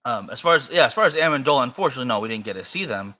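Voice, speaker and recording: A man's voice: mid-range voice, lively intonation, very fast, sharp tone. A man with an American accent co-hosting a podcast in casual chat, rambling and hesitant with many fillers and restarts. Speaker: podcast co-host.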